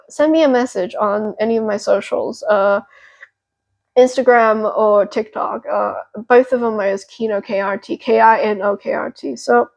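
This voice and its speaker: A young woman hosting a pick-a-card tarot reading, talking gently and reassuringly with a therapeutic tone and many fillers. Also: on the high side, creaky, lo-fi sound. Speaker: tarot reader and channel host.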